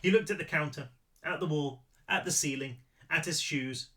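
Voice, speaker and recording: Man, author reading own novel, animated, bright tone. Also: normal speed. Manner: animated reading with big pitch swings. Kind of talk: audiobook-style read-through.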